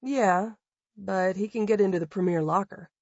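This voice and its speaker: A blunt, exasperated young woman, voiced high by a man reading her lines. Her delivery is sarcastic and husky. The sound is dry and a little dull. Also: moderate pace, darkish tone, dry recording. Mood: rallying.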